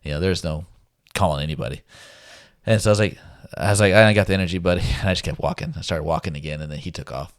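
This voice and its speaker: A man's voice: extremely low pitch, fast, no room sound, studio quality. A man casually telling a survival story as a podcast guest, laid-back, laughing often and acting out what people said.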